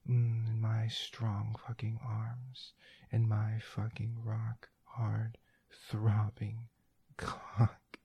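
A man's voice: on the low side, monotone, very slow, dark tone, no echo. A man in whispered role-play, talking in intimate, murmuring tones that often drop to a whisper. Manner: intimate, breathy murmuring with frequent whispers and profanity. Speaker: erotic audio performer. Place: room indoors.

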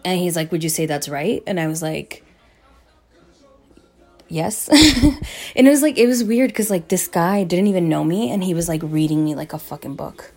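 A woman's voice: lowish voice, animated, moderate pace, a little mellow. A young woman vlogger telling a story to her viewers in a casual, rambling way, swearing often and filling gaps with "like" and "um". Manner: rambling, profane, lots of "like" and "um".

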